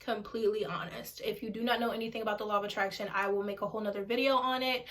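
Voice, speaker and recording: A woman's voice: medium pitch, steady tone, very fast, fairly bright tone. A woman in her twenties, a single mother, talking candidly to camera at home, frank and informal, swearing and repeating herself for emphasis. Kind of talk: candid casual talk to camera.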